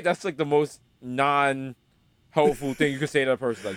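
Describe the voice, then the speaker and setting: A man's voice: mid-range voice, fairly even intonation, moderate pace, smooth. A man from the Bronx, telling comic stories and riffing in a casual chat. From the Bronx, New York. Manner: riffing, acts out quotes, rambling asides. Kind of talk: comedic storytelling chat.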